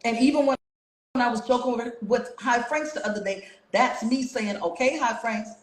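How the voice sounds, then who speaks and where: Woman, livestream host, confrontational, high-ish voice, echoey room, phone mic. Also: moderate pace. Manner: confrontational, fires repeated rhetorical questions. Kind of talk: casual livestream rant to viewers.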